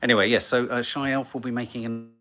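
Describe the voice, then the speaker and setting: A man's voice: medium pitch, level tone, quick pace, pushed and bright. A man co-hosting a casual live family stream, playful and drawing out his questions to viewers. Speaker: co-host.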